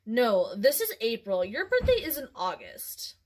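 A woman's voice: fairly high pitch, huge pitch swings, unhurried, exaggerated voice. A woman voicing a bossy but kind older sister in a storybook reading.

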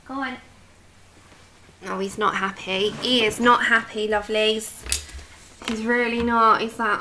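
A woman's voice: on the high side, a little slow, long pauses, fairly bright tone, slight background noise. Chatty woman hosting a stream. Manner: chatty, reads comments aloud, coos at her dog. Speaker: livestream colouring host. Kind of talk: casual chat with live chat. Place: home, at her desk.

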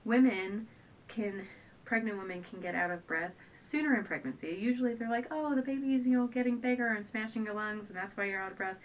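A young pregnant woman chatting casually to her camera at home, rambling and restarting her sentences, often a bit out of breath. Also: fairly quick. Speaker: stay-at-home mom vlogger. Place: at home indoors. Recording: a bit distant from the camera, faint low rumble.

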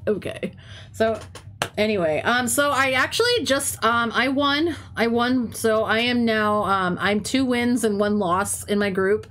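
Slightly high and fairly bright, this young woman's voice moves at an unhurried pace as she chats casually during a stream. A teacher who also streams games, she tells stories loaded with "like" and curse words while dealing with a stuffy, runny nose.

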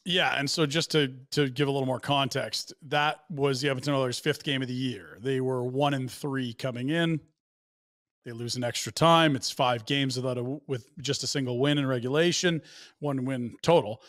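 A man co-hosting a casual sports podcast, talking in a measured, analytical way and giving context and numbers. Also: medium pitch, a bit bright, dry recording, clean studio sound. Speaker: podcast co-host.

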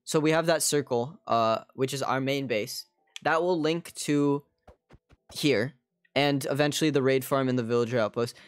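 A man's voice: medium pitch, normal speed, clean tone, dry recording. Rambling male streamer, dry close sound. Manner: rambling, many "like" fillers, talks to chat. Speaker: game streamer. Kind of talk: casual live gaming chat.

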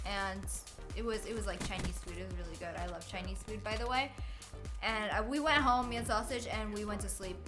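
A young woman streamer tells a rambling story while playing a shooter, swearing at the game and laughing often. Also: medium pitch. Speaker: gaming streamer.

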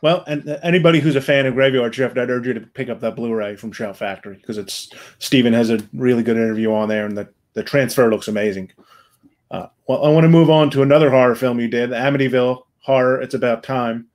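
A man hosting a fan Q&A over a video call, asking brisk, prepared questions with some filler restarts. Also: mid-range voice, steady tone, a little mellow. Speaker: interviewer.

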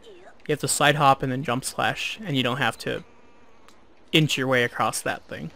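A man giving relaxed, chatty, self-deprecating commentary while playing a video game. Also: medium pitch, normal speed, creaky. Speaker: let's play host. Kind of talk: casual gameplay commentary.

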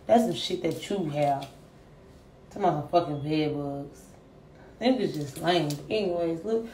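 A young woman hosts a casual livestream, talking straight to her viewers and brashly roasting commenters with plenty of swearing. Her voice sits fairly low for a woman. The sound is roomy, with a faint hiss behind it. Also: moderate pace, a little mellow, recorded from a distance. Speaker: livestream host.

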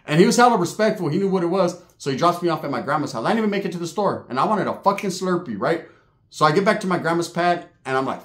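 A man telling a street story in slangy, casual talk, shouting high when he acts out other people. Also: fast talker. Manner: slangy, animated, voices others with loud high yells. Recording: echoey room.

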